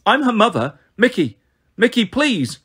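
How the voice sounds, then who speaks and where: A man's voice: high voice, big pitch swings, a little slow, fairly bright tone, breathy edge, pitched above the performer's own voice, full character voice. A man doing a desperate, pleading mother. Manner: pleading, emotional. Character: distraught, unstable adult mother pleading on the phone.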